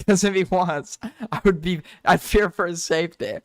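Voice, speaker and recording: A man's voice: high-pitched, moderate pace, dry recording, studio quality. A young man hosting a reaction commentary, incredulous and mocking, swearing freely and laughing at what he watches. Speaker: commentary host.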